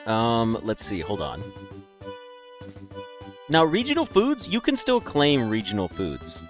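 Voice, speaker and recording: Lively rambling gamer guy. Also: mid-range voice, slow pace, soft background music. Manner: rambling, profane, laughing asides. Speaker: gaming video creator. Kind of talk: casual let's-play commentary.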